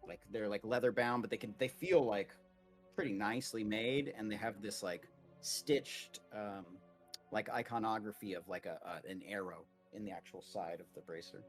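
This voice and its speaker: A man's voice: lowish voice, moderate pace, soft background music. A man narrating a tabletop game as game master in a casual, rambling way, full of "like" fillers.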